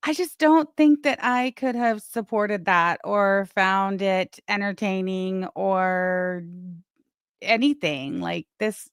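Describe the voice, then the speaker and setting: A woman's voice: medium pitch, slow pace, smooth, dry recording, studio quality. A woman co-hosting a live stream, talking casually in a blunt, profane and scornful way. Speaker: co-host of a live commentary stream.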